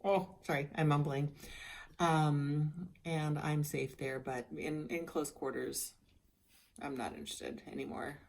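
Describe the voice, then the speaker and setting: A woman's voice: low voice, steady tone, measured pace, vocal fry. A middle-aged woman giving a casual personal video update, chatty and candid with many restarts, sounding worn out. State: worn out and tired. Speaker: vlogger sharing a health journey.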